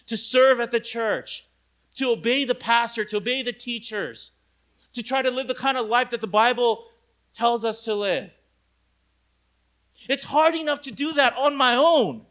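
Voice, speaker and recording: A young adult male pastor preaching a lively retreat sermon, talking to his listeners directly, asking them questions and acting out the quoted voices with big jumps in loudness. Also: very high-pitched, measured pace. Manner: conversational, asks the audience direct questions.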